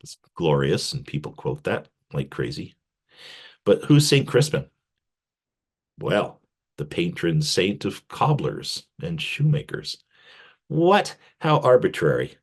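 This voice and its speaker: A male professor giving a casual literature lecture, animated, with wry joking asides. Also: takes it slowly, long pauses, slightly rough. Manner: animated, pitch jumping on emphasis.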